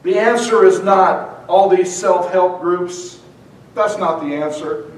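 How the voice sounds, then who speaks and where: A man's voice: high-pitched, slow. A man preaching a fervent sermon as pastor, often repeating and restarting his words, in a church sanctuary. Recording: very echoey hall, mic far off.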